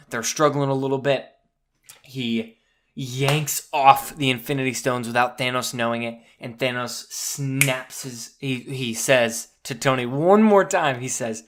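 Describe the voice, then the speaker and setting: A man hosting a podcast, excitedly recapping a movie in casual chat, swearing and saying "dude" a lot. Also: mid-range voice, moderate pace. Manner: animated, swears freely, says "dude" often. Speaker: podcast host.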